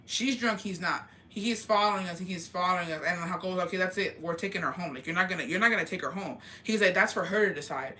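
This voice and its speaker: Young woman, vlogger, casual storytime gossip, crisp bright tone, swears freely, acts out quotes. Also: on the low side, fast, few pauses. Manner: animated, profane, acts out quoted dialogue.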